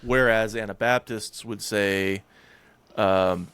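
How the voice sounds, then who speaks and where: A man's voice: on the low side, steady tone, slow pace, a bit bright, clear, resonant tone, dry recording. A man hosting a podcast, thinking aloud in a hesitant way with frequent restarts. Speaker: podcast host. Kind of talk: conversational theological discussion.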